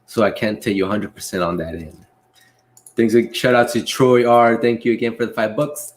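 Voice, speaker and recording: A young man hosting a casual livestream Q&A, reading chat messages aloud and answering in a relaxed way with frequent laughs. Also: fairly low pitch, normal speed. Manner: laid-back, reads chat aloud, laughs often. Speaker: livestream host and delivery driver.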